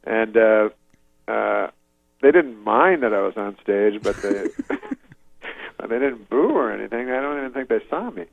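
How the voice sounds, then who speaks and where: A man doing an impression of a comedian telling a rambling, deadpan story, full of fillers and restarts, on dull lo-fi audio. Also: on the low side, unhurried, creaky, no room sound, full character voice.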